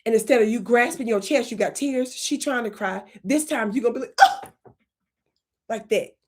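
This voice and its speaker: With a fairly high pitch, a female channel host offers comedic coaching during a livestream, full of playful energy. She shifts suddenly into whispers and lingers on drawn-out words.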